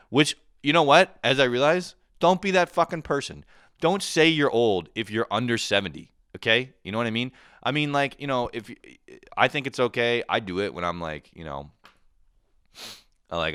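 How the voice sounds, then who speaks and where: A man's voice: deep voice, lively intonation, normal speed, a bit bright, smooth, no echo, studio quality. A man in his thirties, a drunk podcast host, ranting in a profane, sarcastic casual way. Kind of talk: casual comedic rant.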